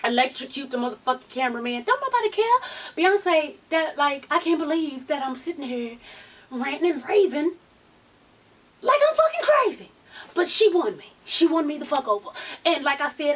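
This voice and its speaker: A middle-aged woman vlogger in casual chat, talking in an animated, sassy, profane way, a little off the mic. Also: high-pitched, far from the mic.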